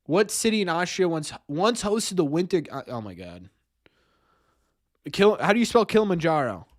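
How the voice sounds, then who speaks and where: A young man streaming, talking to his chat while he fumbles through a quiz. His voice sits a bit high and swings widely as he goes from panicking to cheering himself on. Keys clatter faintly behind him. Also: very animated, normal speed, no echo, clean studio sound. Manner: flustered and self-mocking, thinking aloud.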